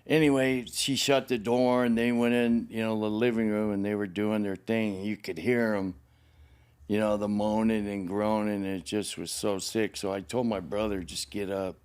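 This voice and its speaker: A man's voice: on the low side, flat delivery, moderate pace, darkish tone, clean tone. Older man telling a raw, profane life story. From Los Angeles, United States. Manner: rambling and heavily profane; gets choked up telling painful memories. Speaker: guest, the host's father. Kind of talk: candid personal storytelling.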